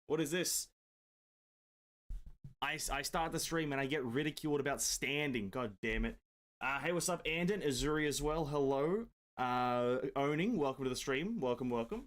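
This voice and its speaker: A man's voice: mid-range voice, expressive, normal speed. A man streaming games from his home desk, chatting casually, answering viewers and joking around with the odd swear word. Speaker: gaming streamer. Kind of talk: casual live-stream chat.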